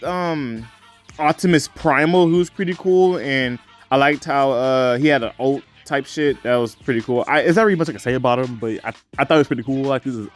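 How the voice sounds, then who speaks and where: A man casually reviewing a movie in a vlog, talking in a loose, rambling way with lots of fillers and profanity, sometimes jumping into excited high-pitched reenactments.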